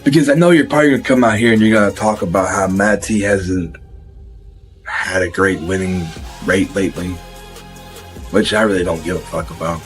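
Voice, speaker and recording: A man giving a measured wrestling promo, talking straight at his rival with a dismissive calm. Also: fairly low pitch. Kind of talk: slow reflective wrestling promo.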